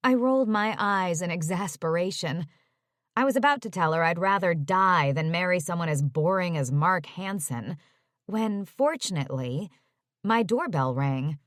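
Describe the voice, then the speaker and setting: A woman narrating a first-person romance audiobook in a measured storytelling voice. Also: on the low side, expressive, no echo, clean studio sound.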